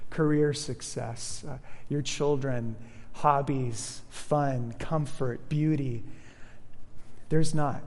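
A man pastor preaching a sermon in a relaxed, conversational way, with restarts and fillers. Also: on the high side, in a large hall. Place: church sanctuary.

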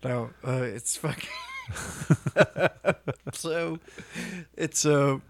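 A man's voice: mid-range voice, extremely slow, dry recording. A man co-hosting a podcast, chatting in a rambling, crude way. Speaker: podcast co-host. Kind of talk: casual chat.

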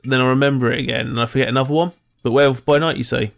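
A man's voice: mid-range voice, steady tone, racing, gravelly. A man co-hosting a casual podcast, chipping in with dry, teasing remarks. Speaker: podcast co-host. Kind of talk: casual chat.

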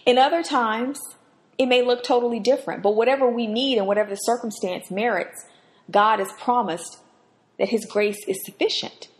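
A woman's voice: fairly high pitch, fairly even intonation, normal speed. A woman hosting a podcast, giving an earnest, emphatic devotional Bible teaching. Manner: earnest, emphatic, rises sharply when acting out quotes.

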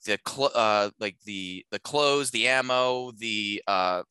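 A man casually talking through a film on a podcast, rambling with lots of filler words and acting out lines in animated voices. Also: fairly low pitch, slow pace, clean tone, dry recording.

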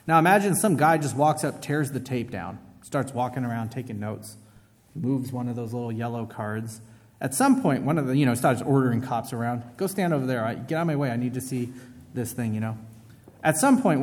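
A man's voice: mid-range voice, darkish tone, long reverb tail. A man preaching a sermon in a casual, conversational way, often asking his listeners questions. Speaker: pastor.

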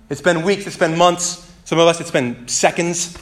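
A man preaching a sermon as pastor, animated and conversational, with playful asides and calls for the congregation to respond. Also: sits high, brisk.

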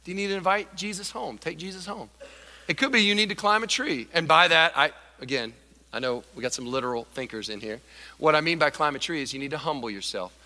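Animated male pastor in a reverberant hall. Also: fairly high pitch, fast. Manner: animated, acts out Bible characters and crowd voices. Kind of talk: sermon.

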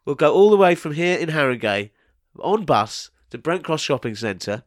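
A man from England co-hosting a comedy podcast, his voice sitting a touch high and leaping around as he teases and makes silly mock announcements. It is recorded close and dry. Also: moderate pace, dry recording. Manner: teasing, silly, deadpan announcing. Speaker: podcast co-host. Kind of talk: casual comedic podcast banter.

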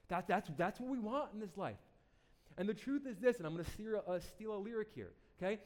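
A man preaching a sermon to a congregation, animated and playful, acting out the people he quotes and repeating words as he starts a thought. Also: high-pitched, fast talker. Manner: animated, acts out quoted voices. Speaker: pastor.

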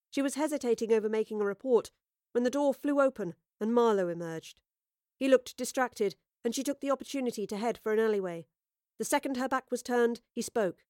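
A woman narrating a dramatic audio story in a measured, storytelling voice. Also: fairly high pitch, mellow, no room sound, studio quality.

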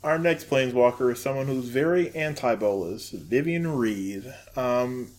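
A man co-hosting a podcast, unhurried and hesitant with frequent ums as he introduces topics. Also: mid-range voice. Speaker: podcast co-host. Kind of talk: casual fan discussion.

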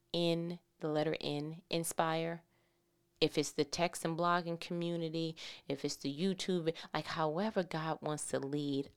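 A young woman giving a passionate devotional pep talk, swinging between hushed asides and loud exclamations. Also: sits low, smooth. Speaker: faith vlogger.

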